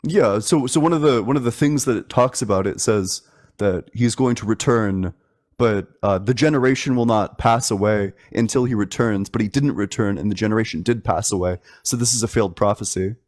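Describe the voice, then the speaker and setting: Lower-voiced man arguing methodically. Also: fairly quick, darkish tone. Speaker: debate host. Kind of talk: online debate.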